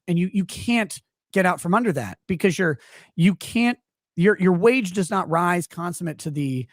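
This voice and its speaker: A man's voice: a little high, no room sound, clean studio sound. A man in his forties from Houston, a podcast guest telling a rambling, profane story in casual chat. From Houston, Texas.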